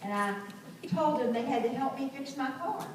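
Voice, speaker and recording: A woman's voice: high-pitched, normal speed, slight background noise. A woman governor, giving a folksy speech to schoolchildren at an assembly, explaining things simply. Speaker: state governor. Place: school assembly hall, indoors. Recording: echoey hall from far off.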